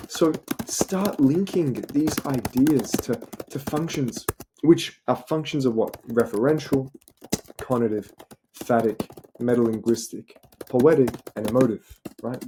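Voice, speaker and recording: Young Australian male tutor, middle pitch, rhetorical and chatty, noisy take with typing behind. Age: young adult. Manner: rhetorical, repeats "right?" and "you know". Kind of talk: informal explanatory lesson. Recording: noisy recording with keyboard clicks.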